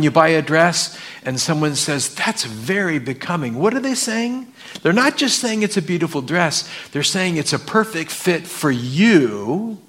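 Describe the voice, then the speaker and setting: A man's voice: on the high side, a bit bright. A man preaching a sermon, reading scripture aloud and asking the congregation questions. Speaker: pastor.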